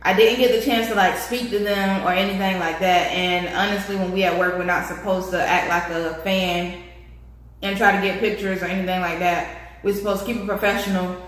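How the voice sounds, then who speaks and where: A young woman vlogger telling a casual story, animated and slangy, speaking straight to her viewers. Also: mid-range voice, a little fast. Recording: echoey room.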